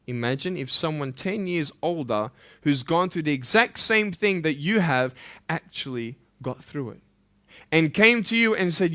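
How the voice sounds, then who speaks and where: Australian guy giving a fired-up school talk, bright forceful voice, kinda high. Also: expressive, moderate pace. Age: 30s. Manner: impassioned, swings from loud pleading to hushed intensity. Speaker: motivational speaker. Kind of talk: motivational school assembly speech.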